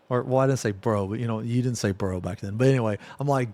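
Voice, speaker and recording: A man streaming live, telling a rambling, profane story in a casual way that drops to a near-whisper and then gets loud. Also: mid-range voice, fast, no echo.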